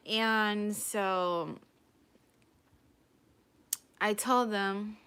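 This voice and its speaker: A young adult woman telling a personal story in a casual vlog, animated and acting out what people said. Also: mid-range voice, extremely slow, smooth. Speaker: vlogger.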